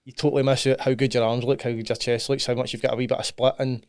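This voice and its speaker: A man's voice: mid-range voice, level tone, quick pace, darkish tone, no room sound. Candid Scottish man, dry close sound. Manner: candid, laughs often, says aye and right. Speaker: podcast guest, bodybuilding client. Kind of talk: casual chat.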